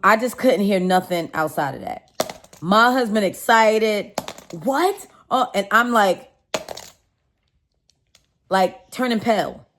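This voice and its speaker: A young woman casually telling viewers a personal story, chatty and animated, calling them y'all. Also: medium pitch, slow, pauses often, a little hiss or hum.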